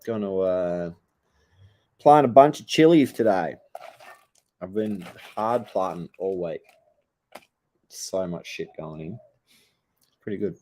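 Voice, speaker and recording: A man's voice: deep voice, takes it slowly, pauses often, a little mellow. A young Australian man chatting casually to his viewers, laid-back and slangy, swearing a lot as he tells stories. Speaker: vlogger.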